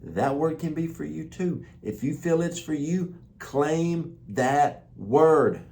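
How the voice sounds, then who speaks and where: A man's voice: on the high side, normal speed, vocal fry, dark tone. A man hosting a weekly broadcast of prophetic words, preaching in an exuberant, emphatic way and repeating phrases for emphasis. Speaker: host sharing prophetic words.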